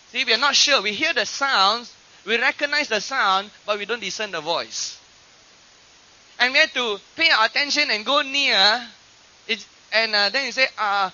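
High bright preacher on an old recording. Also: male voice, lively intonation, normal speed. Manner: dramatic swings between loud and hushed delivery; fillers and restarts, addresses the congregation directly. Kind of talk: sermon. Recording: dull lo-fi archive recording.

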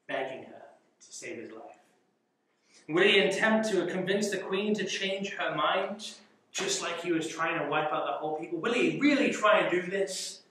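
Animated young man teaching Bible study. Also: sits high, moderate pace. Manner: animated, rhetorical questions, chuckles. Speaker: youth Bible study leader. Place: church youth room. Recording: echoey room, mic far off.

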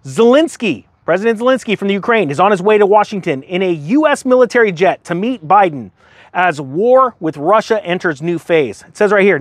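A man's voice: high voice, dry recording. A man hosting a finance commentary show, reading news aloud and breaking off into fired-up, emphatic rants. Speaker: host of a finance commentary channel.

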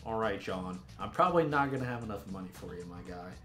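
A man's voice: on the low side, expressive, fast, pushed and bright, roomy sound, soft background music. A man giving casual, sarcastic gameplay commentary as a gaming YouTuber. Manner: sarcastic, joking banter.

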